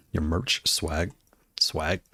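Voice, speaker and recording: A gaming hardware video creator with a bass voice chats casually about game controllers while browsing, rambling, repeating himself, and laughing a lot. His delivery is expressive and extremely slow, with a fairly bright, husky tone, and the recording is dry.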